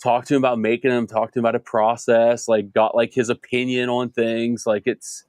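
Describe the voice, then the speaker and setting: A man's voice: mid-range voice, flat delivery, brisk, a little mellow, no room sound, clean studio sound. A man chatting casually as a podcast host, rambling with many fillers and restarts. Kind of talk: casual chat.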